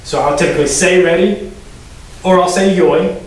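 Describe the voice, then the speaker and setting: Brief: male karate instructor, fairly high voice, recorded from afar in a very echoey room. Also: normal speed. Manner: instructive, calls Japanese counts rising sharply in pitch. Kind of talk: teaching a class, explaining and calling counts. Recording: very echoey room, distant mic.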